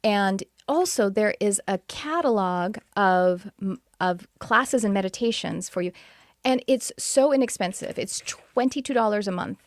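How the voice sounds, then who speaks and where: A woman's voice: mid-range voice, lively intonation, unhurried, dry recording, studio quality. A middle-aged woman from Texas, hosting a live podcast in an enthusiastic, chatty way with many restarts. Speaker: podcast host and spiritual teacher. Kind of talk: casual live-stream chat.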